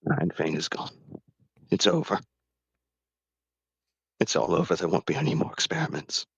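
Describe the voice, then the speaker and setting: A man's voice: sits low, very animated, moderate pace, vocal fry, a bit bright, breathy edge, highs cut off, full character voice. A man playing a grieving male warrior bound by an oath, talking in a tearful, pleading way.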